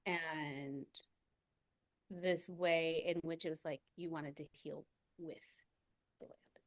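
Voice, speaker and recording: Reflective woman guest, low-pitched voice. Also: fairly even intonation, slow pace, no room sound, clean studio sound. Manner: reflective, laughs often, many fillers. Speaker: podcast guest. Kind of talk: reflective conversational storytelling.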